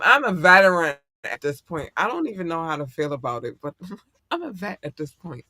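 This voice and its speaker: A man hosting a podcast in casual chat, talking in an excitable, slangy and heartfelt way. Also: on the high side, normal speed, no echo, clean studio sound. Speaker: podcast host.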